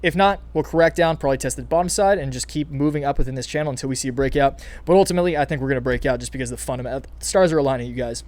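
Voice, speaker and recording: A young man hosting casual crypto market commentary, excited and hyped, with frequent restarts and calls to "you guys". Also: mid-range voice, very fast, hardly any pauses. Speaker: crypto channel host.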